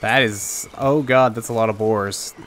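A man's voice: lowish voice, fairly even intonation, a little slow, a bit bright, a little hiss or hum. A young man chatting through a let's play, curious and thinking aloud as he goes. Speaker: gamer.

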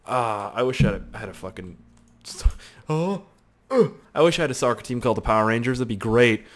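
A man giving excitable let's play commentary, swearing freely, yelling at his game characters and mocking himself. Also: mid-range voice, fairly quick. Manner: self-mocking banter. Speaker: gaming YouTuber.

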